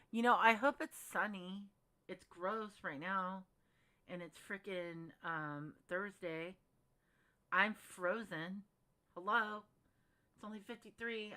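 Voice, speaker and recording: A chatty woman hosting a casual livestream, rambling as she talks to her viewers by name. Her voice sits a little low but sounds bright and clear, and her delivery is smooth and unhurried. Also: dry recording. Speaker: livestream host. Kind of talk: casual livestream chat reading comments.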